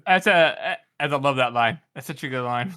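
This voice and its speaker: A man's voice: medium pitch, moderate pace, sharp tone, clean tone. A man co-hosting a podcast, chatting enthusiastically about a book with frequent fillers. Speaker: podcast co-host. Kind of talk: casual book-discussion chat.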